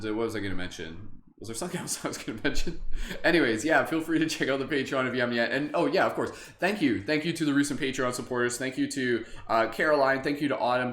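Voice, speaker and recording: A man's voice: medium pitch, a bit bright. A man hosting a live meditation stream, guiding breathing and chatting casually with viewers, with lots of fillers and frequent chuckles. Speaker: meditation livestream host. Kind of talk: guided meditation and live chat. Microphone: webcam livestream setup. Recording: roomy echo, faint ambience.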